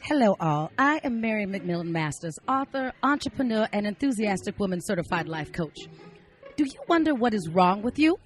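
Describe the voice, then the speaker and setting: A woman playing a prim, proper self-help author giving a chirpy sales pitch. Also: big pitch swings, normal speed, faint music behind, natural voice.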